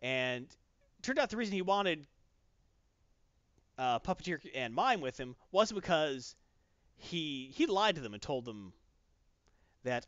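A man in casual chat, animatedly retelling a comic plot and slipping into quick character voices. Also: fairly high pitch, big pitch swings, a bit bright, dry recording, lo-fi sound.

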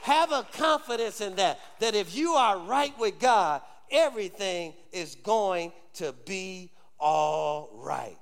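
Man preaching in church, high voice, lots of hall echo, keeps calling for amens. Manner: call-and-response preaching, urging the congregation. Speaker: pastor. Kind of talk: sermon. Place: church sanctuary.

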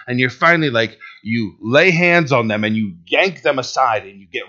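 A male pastor preaching a sermon, swinging between loud and hushed delivery and acting out quotes. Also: medium pitch, animated, fairly quick, hardly any pauses, dull audio.

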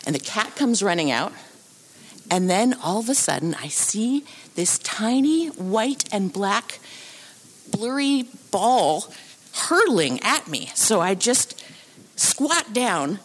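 A woman telling a true story live on a theatre stage into a microphone, animated and acting out the voices of the people in it. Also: mid-range voice, slow, husky. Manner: animated, acts out voices and sounds.

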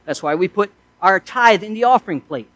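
A man's voice: high voice, expressive, fairly quick, fairly bright tone, dry recording, rough recording. A male pastor preaching a sermon in an earnest way, asking his listeners one rhetorical question after another.

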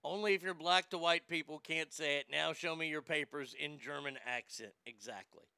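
A man's voice: on the high side, moderate pace, gravelly, sharp tone, clear, resonant tone, no room sound, studio quality. A man hosting a sports show, delivering a profane, ranting monologue and stammering over repeated words.

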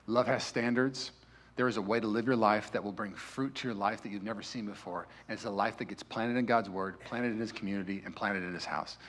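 A young adult man preaching a sermon as pastor in a church sanctuary, building to loud, impassioned peaks. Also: fairly low pitch, fairly even intonation, brisk, slight background noise.

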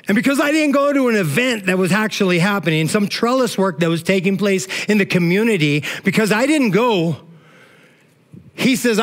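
A middle-aged man preaches a sermon in a fairly high voice. He talks to the congregation in a loose, emotional way, leaning on "man" and "all right" between points. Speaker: pastor.

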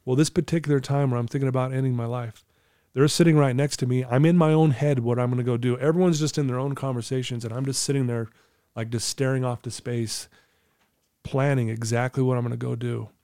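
A middle-aged man recounts his life story with open, earnest candor, sometimes choked with emotion. His tone is mellow and warm, recorded close in a dry, dead space. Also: mid-range voice, steady tone, fast talker, no room sound. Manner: earnest, candid, storytelling with quoted inner thoughts. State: emotional, clearing his throat. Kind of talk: emotional personal testimony.

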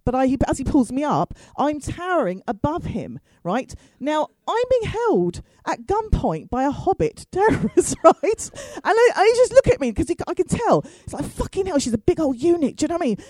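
A woman's voice: high voice, normal speed, few pauses, no echo, rough recording. Woman, middle-aged, comic storyteller, chatty asides, dry close sound. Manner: chatty, self-mocking, animated, with asides to the crowd. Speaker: storyteller on stage.

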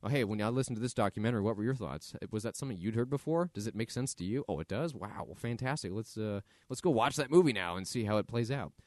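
A man's voice: on the low side, expressive, fast talker, hardly any pauses, darkish tone, no echo, studio quality. A man hosting his own podcast, talking casually and thinking aloud with fillers. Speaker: podcast host. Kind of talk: casual solo podcast monologue.

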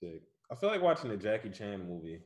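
A man in casual chat, telling an animated, profane story and laughing often. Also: lowish voice, fast, reverberant. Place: his office.

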